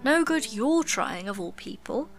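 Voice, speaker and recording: A woman's voice: on the high side, very animated, a little slow, gravelly, faint music behind, full character voice. A woman doing a gloomy talking beaver. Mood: eager. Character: gloomy, earnest old male beaver.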